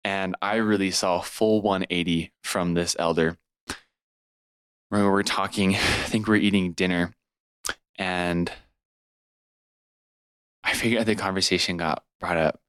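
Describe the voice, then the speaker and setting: Young californian man, podcast guest, lively storyteller who acts out other people's lines, lowish voice, dry close sound. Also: unhurried, long pauses, clean tone, no echo. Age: 20s. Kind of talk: personal storytelling in conversation.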